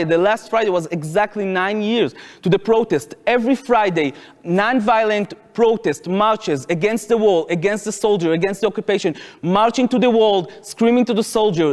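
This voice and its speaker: A man's voice: high voice, moderate pace, few pauses. A man in his twenties with an Israeli accent, telling a personal story to an audience and acting out the voices in it. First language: Hebrew. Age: 20s. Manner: animated, acts out quotes, shouts at peaks. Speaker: speaker. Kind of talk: public talk, storytelling. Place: lecture hall. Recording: long hall reverb.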